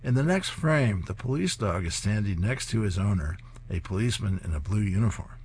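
A man's voice: fairly low pitch, expressive, brisk, darkish tone, a little hiss or hum. A man hosting a program where he reads comic strips aloud, chuckling at the jokes. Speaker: host reading comic strips. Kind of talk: reading service narration.

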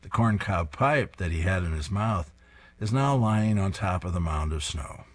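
A man reads comic strips aloud and describes each panel with amusement. His voice sits low and sounds husky. His intonation rises and falls freely. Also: animated, normal speed.

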